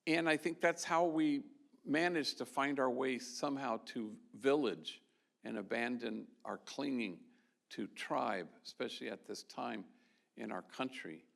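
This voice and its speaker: The man, a Jesuit priest, tells stories in a loose, conversational way with frequent restarts while giving an award talk. His mid-range voice is gravelly and a bit bright, his pace unhurried, and he's speaking to a live audience in an event hall.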